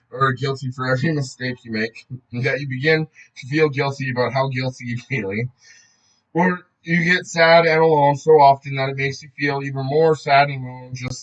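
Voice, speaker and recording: A man's voice: mid-range voice, fairly bright tone, poor audio. A man reading a book aloud in a casual way, often breaking off to joke, swear and laugh.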